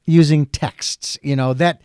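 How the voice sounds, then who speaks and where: A man's voice: fairly high pitch, steady tone, slow pace, darkish tone, clean tone, dry recording, clean studio sound. A man hosting a talk show, speaking in a folksy, reflective way with fillers and restarts. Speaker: radio show host. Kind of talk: casual talk show conversation.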